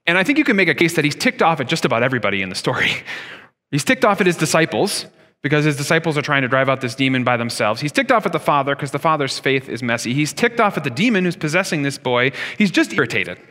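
Pastor, man in his thirties, bright and slightly high voice, conversational sermon with rhetorical questions, long church reverb. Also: very animated, fast.

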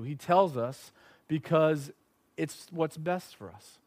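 A young adult man preaching a sermon to a live audience, telling lively stories and speaking straight to his listeners. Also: fairly high pitch.

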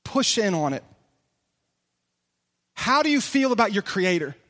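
A man's voice: high voice, sing-song, a little slow, bright, forceful tone. A male pastor preaching a conversational, emphatic sermon full of direct questions to the congregation in a large church hall.

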